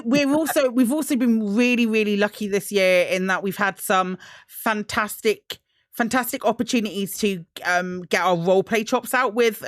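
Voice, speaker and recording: A woman's voice: medium pitch, dry recording, clean studio sound. Rambling woman hosting. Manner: rambling, many restarts and ums. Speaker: host. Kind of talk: casual chat.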